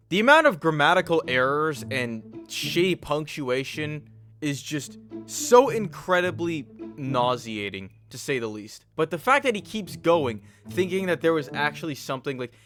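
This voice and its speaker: A man's voice: fairly high pitch, fairly bright tone. A man hosting a commentary vlog, mocking and crude, with a sarcastic edge. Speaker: channel host.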